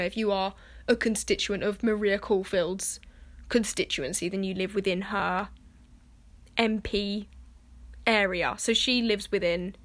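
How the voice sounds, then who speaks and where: A woman's voice: medium pitch, a bit bright. A young woman, talking casually to camera and filling her speech with "like," cursing freely. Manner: chatty, swears freely, fills speech with "like".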